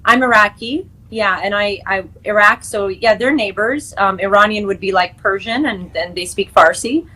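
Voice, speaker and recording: In this casual interview, the young actress-screenwriter speaks at normal speed with few pauses, her medium-pitched voice carrying a sharp tone over poor audio. She is talkative and quick to laugh, with many fillers and restarts.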